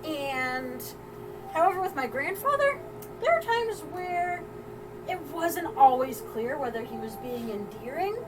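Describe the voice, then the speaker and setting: A woman's voice: high-pitched, very animated, a little slow, background noise. A woman hosting a live crafting stream, telling a family story in a casual, rambling way with frequent laughs and restarts.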